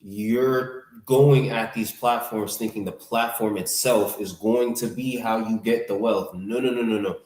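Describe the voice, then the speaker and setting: A man's voice: fairly low pitch, steady tone, measured pace, hardly any pauses, darkish tone. A male guest in a casual podcast talk, speaking emphatically and explaining business terms plainly. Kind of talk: casual conversation. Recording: echoey room.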